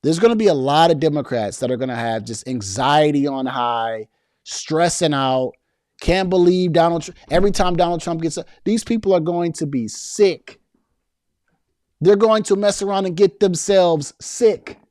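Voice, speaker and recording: Slangy, animated man with a dry sound. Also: on the high side, normal speed, no echo. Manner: loose and animated, slangy, frequent restarts and repeated words. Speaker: political commentary host. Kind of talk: casual political commentary, reading viewer comments.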